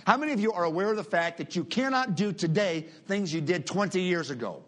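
A man's voice: sits high, expressive, quick pace, a bit bright. A middle-aged man preaching a sermon, reading scripture aloud and leading his congregation in prayer. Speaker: pastor.

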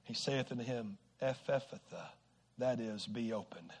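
A man preaching a sermon to a congregation, shifting from quiet, slow stretches to loud exhortation and stumbling over repeated words. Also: medium pitch. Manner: swings from hushed to shouting exhortation, repeats words; acts out quoted people with sudden shifts.

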